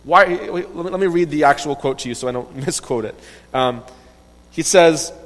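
A man telling a Bible story to children in an animated, conversational way, often asking his listeners questions. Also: fairly high pitch, fairly quick, long reverb tail, low-quality recording. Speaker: Bible teacher.

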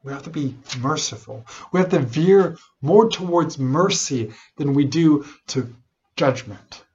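A man preaching a sermon, animated and unhurried, often restarting his phrases. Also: on the high side, slightly rough, dull audio. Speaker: pastor.

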